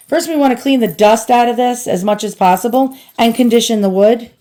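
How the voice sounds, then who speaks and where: A woman's voice: fairly high pitch, dark tone. A woman with a New York accent chatting casually to viewers while cleaning an antique at home, self-deprecating and talkative. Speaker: antiques restoration vlogger. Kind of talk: casual restoration vlog.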